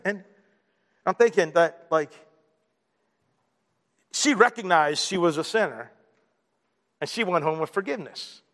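A man's voice: high-pitched, lively intonation, moderate pace, long pauses, a bit bright. A man preaching a sermon as pastor, impassioned and repeating himself with stammered emphasis. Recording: long hall reverb.

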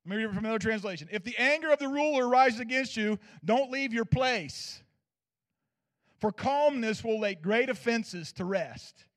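Male pastor, very high voice, emphatic sermon delivery with loud-soft swings. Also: lively intonation, normal speed. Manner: asks the audience for agreement.

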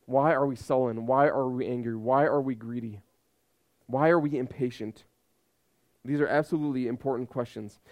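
A man's voice: medium pitch, fairly even intonation, moderate pace, a little mellow. A man in his thirties preaching a sermon with emphatic repetition and rhetorical questions. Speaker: pastor.

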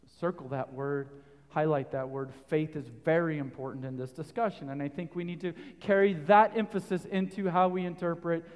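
A man preaching a sermon, rising to loud emphatic peaks and putting questions to his listeners. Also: a little high, normal speed, in a large hall.

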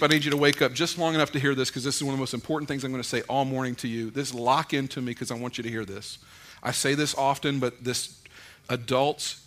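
A middle-aged man preaching a conversational sermon, mixing folksy stories and gentle humor into his points. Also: mid-range voice. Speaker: pastor.

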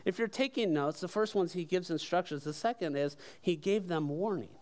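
Pastor, male, high voice, conversational yet emphatic preaching style. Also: fairly quick, a little mellow. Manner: conversational and emphatic, with rhetorical questions. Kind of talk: sermon.

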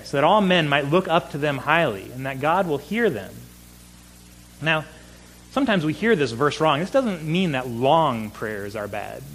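A man's voice: a little high, fairly bright tone, a little hiss or hum, rough recording. A man preaching a sermon, earnest, often repeating words for emphasis. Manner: earnest, repeats words when stressing a point. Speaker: pastor.

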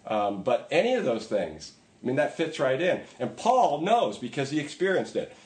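A man's voice: mid-range voice, darkish tone, roomy sound. A man preaching a sermon in a conversational way, with emphatic repetition. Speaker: pastor.

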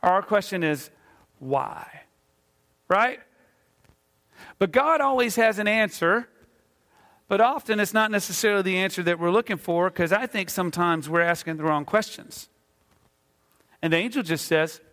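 A pastor preaching a sermon, telling a Bible story conversationally and acting out the voices of its figures. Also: male voice, high voice, normal speed, long pauses, pushed and bright. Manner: conversational with fillers. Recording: long hall reverb.

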